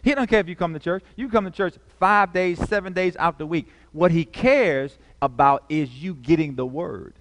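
A man's voice: fairly high pitch, normal speed, few pauses, a bit bright, in a large hall. A male pastor preaching a sermon, calling out questions to the congregation and repeating key phrases.

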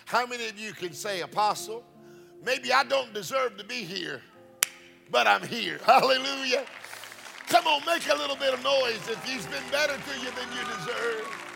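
A man preaching a sermon to a congregation, rising into chanted, shouted preaching. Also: extremely high pitch, animated, normal speed, gravelly, soft background music, a faint crowd.

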